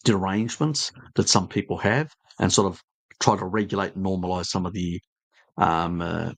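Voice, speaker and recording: An Australian man from Tasmania hosts a live stream, answering chat and talking casually with viewers in a blunt, joking, rambling style packed with fillers. His voice is low with vocal fry at a moderate pace, recorded dry.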